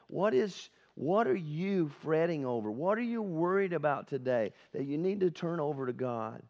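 A man's voice: fairly high pitch, expressive, moderate pace, hardly any pauses, a little mellow. A male pastor giving an earnest, conversational sermon at a church service, often asking the congregation questions. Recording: dull lo-fi sermon recording.

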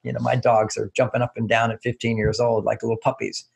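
A man's voice: mid-range voice, little pitch movement, quick pace, vocal fry, darkish tone, breathy edge. An older man being interviewed as a relationship author, explaining with everyday examples and acting out little quotes in a raised voice. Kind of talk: casual interview talk.

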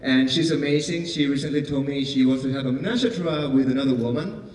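A man from Argentina with an Argentine accent doing a stand-up set, talking fast and deadpan. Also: medium pitch, heavy background noise. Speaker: stand-up comedian. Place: theater stage. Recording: echoey theater hall from far off.

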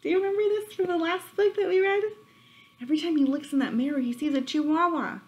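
A woman reading a children's picture book aloud, expressive and pausing to ask her listeners questions. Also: extremely high pitch, rough recording.

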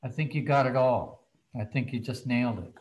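Animated man telling a story. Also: mid-range voice, fairly quick, rough recording. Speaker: children's book author guest. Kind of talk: casual storytelling.

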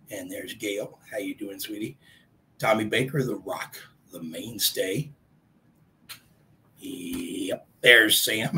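A man hosting a casual live stream, chatting in a rambling way and greeting viewers by name, his voice a bit congested and hoarse. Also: on the low side, bright, forceful tone, low-quality recording.

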